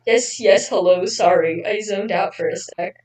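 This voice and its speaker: A woman's voice: medium pitch, moderate pace, a little mellow, reverberant, recorded from a distance, natural voice. A woman reading as a flustered young male gamer. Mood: apologetic.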